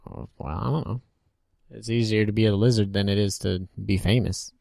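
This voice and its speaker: A man's voice: on the low side, fairly even intonation, moderate pace, gravelly, darkish tone, no room sound. A man co-hosting a casual podcast, joking around and tossing in wisecracks. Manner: joking, laughs a lot, wisecracks. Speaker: podcast co-host.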